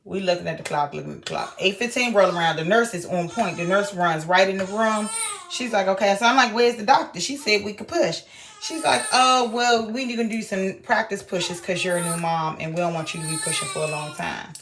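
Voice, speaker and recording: A young woman vlogging, telling a story in a lively way and acting out everyone's lines. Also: fairly low pitch, a little fast, vocal fry, slight background noise. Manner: animated retelling, acting out quoted voices. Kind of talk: casual storytelling vlog.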